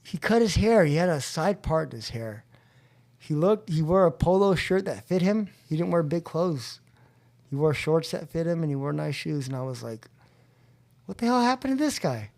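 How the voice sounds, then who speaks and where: A man's voice: fairly high pitch, moderate pace, gravelly, a little mellow. A young man as a podcast guest telling his recovery story, acting out the voices of people in it and laughing often. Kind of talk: storytelling about addiction recovery. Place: convention venue.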